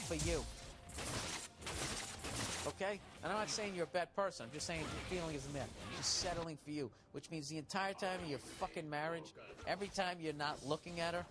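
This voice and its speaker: A man delivers comic relationship advice as a swearing, sarcastic rant, his voice pitched a little higher than most men's. He talks bluntly and mocks the letter writer. Loud music plays behind him the whole time. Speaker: advice show host.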